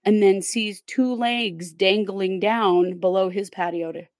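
A woman's voice: mid-range voice, steady tone, unhurried, darkish tone, no echo. A woman hosting a podcast, telling a true crime case in a casual, step-by-step way with fillers. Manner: conversational, recounts events step by step with fillers.

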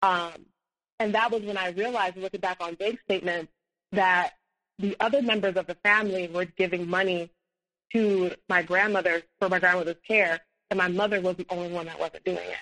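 A woman's voice: fairly low pitch, steady tone, moderate pace, fairly bright tone, rough recording. A woman guest on a podcast, telling a personal story with many fillers and restarts, and acting out the dialogue she quotes. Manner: acts out quoted dialogue, rising when heated.

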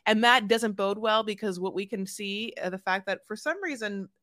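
A woman co-hosting a podcast in casual chat, talking in an animated way, swearing and laughing often. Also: mid-range voice, normal speed, dry recording, clean studio sound. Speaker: podcast co-host.

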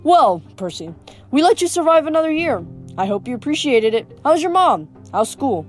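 A woman reading the part of a smooth, scheming teenage boy villain in an audiobook, with a mocking manner. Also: high-pitched, very animated, normal speed, soft background music, voice pushed up.

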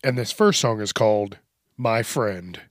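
A podcast host speaks in a lowish, slightly slow voice, ranting bluntly and profanely as he rambles through a casual monologue. The recording is dry, with clean studio sound.

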